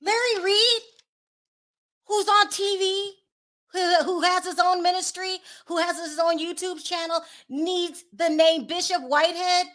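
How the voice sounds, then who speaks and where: A woman's voice: very high voice, fairly even intonation, measured pace, fairly bright tone. A woman hosting her own channel, giving sassy, exasperated gossip commentary and often laughing in disbelief. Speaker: channel host.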